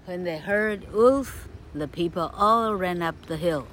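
A woman reading a children's storybook aloud and explaining it in a slow, expressive teaching manner. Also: on the low side, a little hiss or hum.

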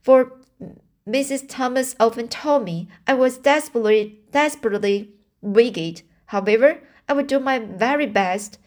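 A woman's voice: a little high, unhurried, lightly acted. A woman reading aloud and voicing an eager, emotional orphan girl in a raised, imploring voice. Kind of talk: amateur audiobook reading.

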